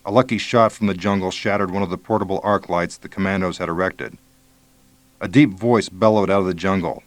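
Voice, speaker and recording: A man narrating an audiobook in a measured, low-key way. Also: steady tone, dry recording.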